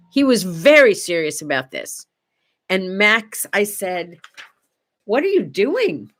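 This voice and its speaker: An older woman hosting a casual morning chat show, talking chattily to her viewers and going soft on sad memories. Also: medium pitch. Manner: chatty, warm-hearted, goes quiet and soft on sad memories. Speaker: host.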